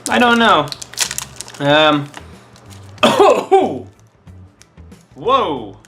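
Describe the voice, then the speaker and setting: A high-voiced man from Scotland talks very slowly over faint background music in a taste-test vlog. Casual and animated, he chats and thinks aloud as he eats.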